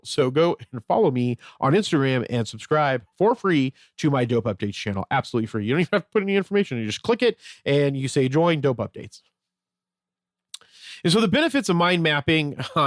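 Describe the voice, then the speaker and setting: Rambling podcast host, dry close sound. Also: male voice, fairly high pitch, no room sound. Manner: rambling, filler-heavy, self-correcting. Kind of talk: casual solo podcast talk.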